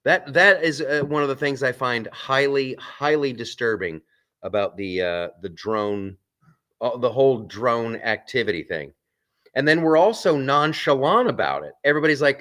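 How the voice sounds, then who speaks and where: A man's voice: mid-range voice, expressive, normal speed, fairly bright tone. A man hosting a live stream from a film set. He chats casually, reads out viewer comments and rambles with restarts and asides.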